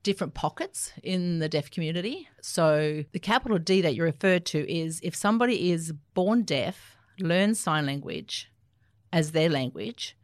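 An Australian woman, an Auslan interpreter, answering interview questions in an animated, explanatory way. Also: sits low, normal speed, no room sound, clean studio sound. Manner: animated, explanatory, laughs easily.

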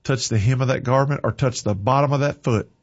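A man's voice: mid-range voice, a little fast. A man hosting a worship music show in a fervent, preacher-like way, breaking into impassioned bursts. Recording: dull lo-fi recording.

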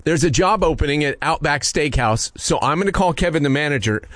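A man's voice: a little high, expressive, a little fast, fairly bright tone, no room sound. A man hosting a radio prank segment, talking in a jokey, upbeat way. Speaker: radio host.

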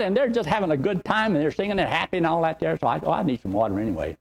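An older man preaching as a pastor, telling rambling, folksy stories in an animated way. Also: fairly high pitch, racing, creaky. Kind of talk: sermon with storytelling.

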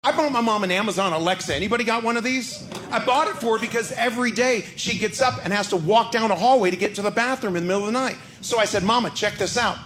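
A man with a high, bright, sharp voice tells an exasperated stand-up story. He acts out both sides of a phone call, heard from a little off the mic with faint background noise. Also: quick pace. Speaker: stand-up comedian.

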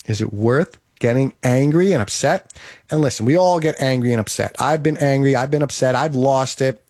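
A man's voice: medium pitch, moderate pace, darkish tone, dry recording, clean studio sound. A man giving an emphatic, repetitive motivational monologue, coaching the listener.

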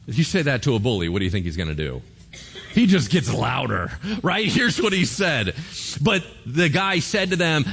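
A man preaching a sermon as pastor, telling the story with animated flair and acting out the characters' lines. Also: a little high, moderate pace, gravelly, slightly rough.

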